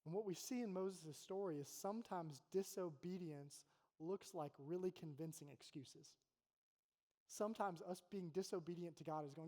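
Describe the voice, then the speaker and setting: Speaking at normal speed, a male college pastor with a mellow voice that sits high delivers a sermon in a relaxed, conversational manner. He performs the lines of God and Moses, and the church auditorium gives the recording a long hall reverb.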